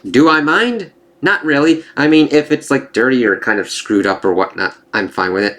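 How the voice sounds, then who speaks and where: A man's voice: medium pitch, fairly bright tone. A man giving a casual spoiler review of a comic. He swears freely, rambles and corrects himself, and reads the dialogue aloud in livelier voices.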